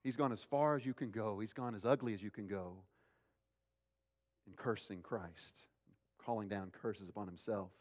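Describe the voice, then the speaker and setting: A man preaching a sermon, acting out the quoted lines with big swings in pitch and loudness. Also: normal speed, pauses often. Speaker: pastor. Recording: hall with long reverb.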